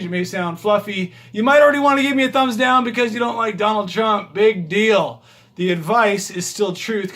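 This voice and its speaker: A man's voice: high voice, a bit bright. A man vlogging as a rideshare driver, walking through his house and talking to a handheld phone camera in an emphatic, rambling, motivational way. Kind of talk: casual vlog talk to camera.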